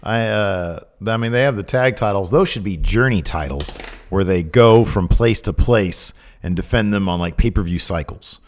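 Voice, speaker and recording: Excitable man co-hosting a wrestling podcast. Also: on the low side, moderate pace. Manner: excitable, laughs often, trails off. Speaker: podcast co-host. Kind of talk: casual chat.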